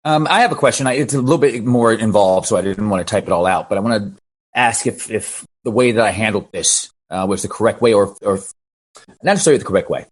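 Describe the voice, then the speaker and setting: A man who works as a DJ, telling an animated story and asking for advice on a video call, with halting restarts. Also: fairly low pitch, breathy edge. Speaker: DJ asking a question.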